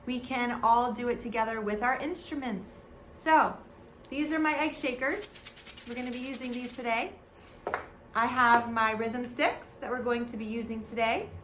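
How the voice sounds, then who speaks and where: A woman's voice: fairly high pitch, a bit bright, roomy sound, a little hiss or hum. A woman teaching a preschool music lesson on video from home, seated, talking to small children in a sing-song teacher voice. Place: home, seated in front of a camera.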